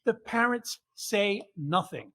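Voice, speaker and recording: An older man hosting a show, telling comic family stories with deadpan punchlines and acting out what his relatives said. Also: high-pitched, takes it slowly. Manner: deadpan punchlines, acts out quoted family members. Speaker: podcast host. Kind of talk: comic storytelling.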